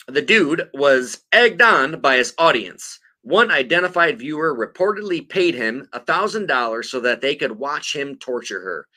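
A man's voice: a little high, sharp tone. A man hosting a podcast, reading news aloud and swearing casually after a few beers. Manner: profane, joking, reads articles aloud. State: tipsy after several beers. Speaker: podcast co-host.

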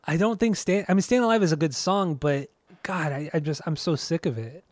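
Brief: easygoing male podcast co-host, laid-back and rambling, fairly high voice, dry close mic. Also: a little fast, no echo. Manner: relaxed, rambling, many restarts, laughs often. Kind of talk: casual chat.

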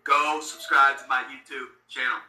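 A man with a light Pittsburgh accent talks bluntly in a casual live-stream chat, cussing freely and doubling up words as he starts his sentences. His voice is very bright and forceful, with a mid pitch for a man. The sound bounces around an echoey room. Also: little pitch movement, moderate pace. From Pittsburgh, Pennsylvania.

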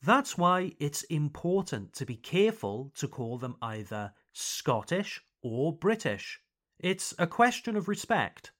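A British man hosting an English lesson podcast, reading a scripted explanation slowly and carefully and adding French translations. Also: on the high side, fairly bright tone. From United Kingdom. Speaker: podcast host teaching English. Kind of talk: scripted educational narration for learners.

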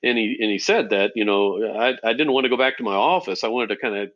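A man with a fairly low voice tells anecdotes as an interview guest, slipping into acted-out quotes and filling his pauses with "uh" and "you know." The recording sounds muffled and lo-fi. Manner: animated anecdote telling with frequent fillers and acted quotes. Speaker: safety consultant guest. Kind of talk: conversational storytelling.

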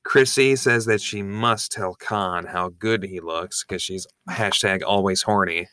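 A man's voice: low-pitched, unhurried, pushed and bright, smooth, no room sound, clean studio sound. A man co-hosting a podcast, recapping a show in casual, wry, joking chat. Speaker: podcast co-host.

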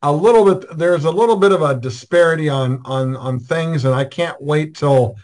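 A man hosting a video call show, asking questions in a halting way full of fillers. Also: a little high, darkish tone. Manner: halting, fills gaps with uh and um. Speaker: host.

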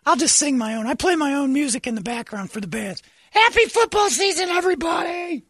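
A high-pitched, bright-voiced football nut, played by a man, who rambles and shouts crude jokes. His voice swoops up and down with a gravelly edge. The sound is close and dry. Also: animated, brisk, no room sound, exaggerated voice. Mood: gleeful. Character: excitable middle-aged male football superfan. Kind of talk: sketch comedy character.

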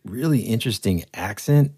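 A man's voice: lowish voice, animated, normal speed, mellow, breathy edge, dry recording, clean studio sound. A man co-hosting a podcast, chatting casually about movies in a laid-back way. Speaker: podcast co-host.

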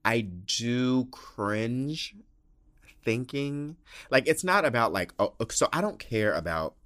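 Man, podcast host, casual solo storytelling, gossipy, animated, swearing, very lively pitch. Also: slow pace. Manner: gossipy, animated, swears a lot, acts out quotes with big pitch jumps. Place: home with cats.

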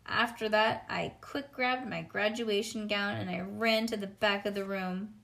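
A woman reading a children's storybook aloud in a lively, childlike first-person narration. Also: mid-range voice, unhurried, vocal fry. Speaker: reader.

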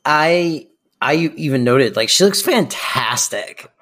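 Very low-voiced woman, enthusiastic co-host. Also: lively intonation, takes it slowly, fairly bright tone. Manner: enthusiastic, repeats herself, laughs. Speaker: podcast co-host. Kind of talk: casual chat reacting to a sitcom recap.

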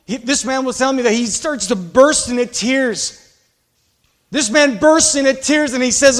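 High-voiced man preaching with passion. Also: normal speed. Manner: impassioned, swinging from loud exhortation to quiet asides. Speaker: pastor. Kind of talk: sermon.

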